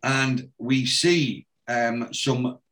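This podcast host from England recaps a TV episode in easygoing conversation, acting out characters' lines as he retells the scenes. He has a medium-pitched, fairly bright voice with a steady tone and drawn-out words.

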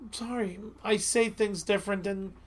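A woman with a Delco accent from Delaware County, Pennsylvania, chatting as a podcast co-host. Her voice sits at an ordinary middle pitch. She rambles, stops herself mid-sentence and is quick to apologize. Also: steady tone. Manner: rambling, self-interrupting, apologetic. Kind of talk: casual podcast chat.

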